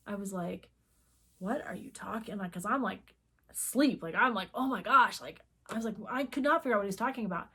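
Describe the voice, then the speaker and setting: A woman's voice: medium pitch, lively intonation, fairly quick, fairly bright tone, breathy edge. A middle-aged woman co-hosting a crafting channel, telling a story in casual chat and acting out the quoted dialogue. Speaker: co-host of a cross-stitch video channel.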